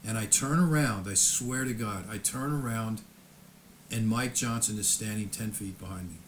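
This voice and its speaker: This is an older man with a low voice telling his own story unscripted. He swears freely and often stammers and restarts his sentences. The telling is heated and blunt. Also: moderate pace, slight background noise. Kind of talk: unscripted personal storytelling monologue.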